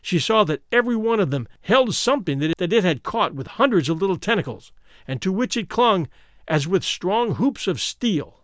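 A man reading a fairy tale aloud in an expressive storytelling style, slowing down for dramatic moments. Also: high-pitched, dry recording, studio quality. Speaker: narrator.

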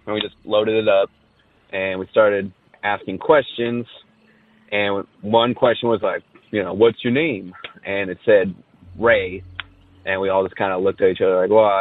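A man's voice: lowish voice, no room sound. A man from Southern California leaves a casual voice message, telling a ghost story in a rambling way with many fillers. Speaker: caller sharing a ghost story. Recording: tinny phone line, dry.

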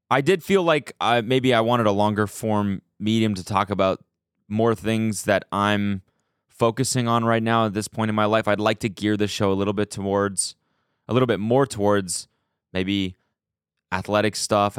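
A man's voice: fairly low pitch, smooth, no echo. A man hosting his own podcast in casual chat, loose and joking, with lots of fillers and restarts, recorded on a small studio set. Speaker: podcast host. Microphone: studio podcast mic.

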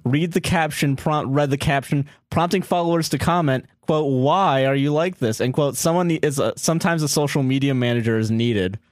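A man's voice: on the high side, normal speed, hardly any pauses, no room sound, studio quality. A man co-hosting a podcast in casual chat, reading an article aloud and then riffing with a laid-back, profane manner. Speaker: podcast co-host.

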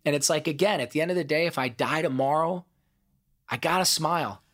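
A middle-aged man from Ohio, a podcast guest telling stories in an emphatic, profane, animated way. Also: fairly high pitch, fairly quick. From Ohio, USA. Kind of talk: casual storytelling interview.

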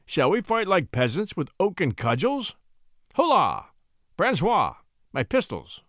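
A man voicing a sneering, booming French marquis. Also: sing-song, normal speed, no echo, clean studio sound. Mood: sneering, menacing. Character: arrogant venomous old French nobleman.

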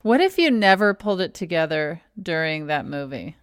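A woman's voice: deep voice, very animated, moderate pace, smooth, no room sound. A woman co-hosting a podcast in casual chat, with a dry, teasing manner. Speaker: podcast co-host.

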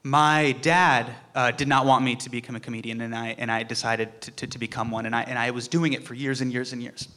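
A man's voice: mid-range voice, fairly even intonation, fairly quick, hardly any pauses, bright, forceful tone. A young man giving a heartfelt tribute speech, telling a personal story and acting out the quotes.

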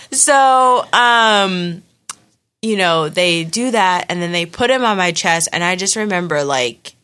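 A young woman telling her birth story in casual chat, animated and full of fillers. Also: fairly low pitch, unhurried, clean tone.

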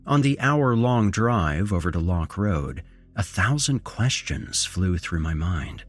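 Male horror podcast host: very low voice, animated intonation, measured scripted narration. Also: soft background music. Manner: measured storytelling with dramatic rises in intonation.

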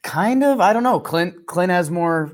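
A man co-hosting a casual sports podcast, rambling and self-deprecating, turning animated when he recaps the game. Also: high voice, unhurried. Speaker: podcast co-host.

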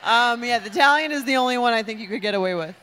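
A woman's voice: on the high side, rapid-fire, sharp tone, slight background noise. A woman co-hosting a podcast live on stage, giving direct, decisive opinions. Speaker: podcast co-host. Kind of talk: comedic live podcast banter. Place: on stage in a theater.

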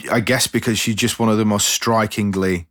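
A man's voice: on the low side, fairly even intonation, normal speed, fairly bright tone. A man hosting a podcast in a casual, jokey, rambling way, sometimes poking fun at himself. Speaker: podcast host.

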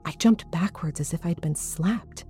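A woman reads a first-person horror story with a low, mellow voice that carries a breathy edge. Her delivery is measured and suspenseful, with faint background music playing softly.

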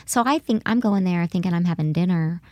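A middle-aged woman guest telling a story in a casual interview, animated and quick to laugh, acting out what others said. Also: fairly low pitch, no echo. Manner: animated, laughs often, acts out quoted voices.

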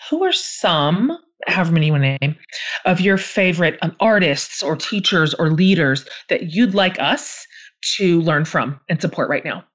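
A woman's voice: on the low side, expressive, normal speed. A woman hosting a podcast, asking questions and thanking her guest effusively. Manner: warm affirming interjections, gushing thanks. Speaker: podcast host. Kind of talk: interview host.

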